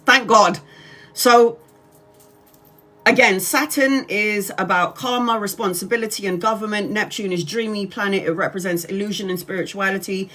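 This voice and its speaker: A woman's voice: mid-range voice, moderate pace, sharp tone. A woman, chatting casually on a tarot livestream, swearing freely and laughing often. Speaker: tarot reader.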